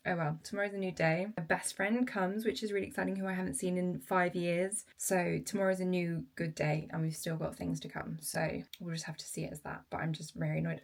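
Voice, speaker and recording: A young woman talking casually to camera in a vlog, rambling and self-critical, tired and low, often sighing. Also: little pitch movement, fairly quick, gravelly, few pauses. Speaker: vlogger.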